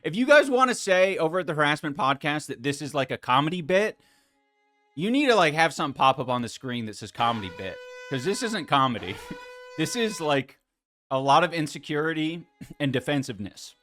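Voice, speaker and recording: A man's voice: a little high, big pitch swings, a little fast, bright, forceful tone, faint music behind. A man hosting a podcast stream, reacting to a clip with exasperated, sarcastic commentary and plenty of swearing.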